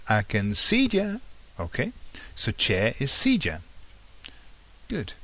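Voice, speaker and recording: A man's voice: fairly low pitch, fairly bright tone. A man teaching a podcast vocabulary lesson, patiently repeating each word and often checking in with "okay?". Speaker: language teacher.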